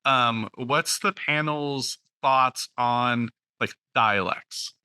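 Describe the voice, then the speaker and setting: A man's voice: medium pitch, drawn-out words, pushed and bright, clean tone, no echo. A male podcast host from West Virginia and Western Pennsylvania, moderating a writers' panel in a rambling way full of fillers. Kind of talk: casual roundtable chat.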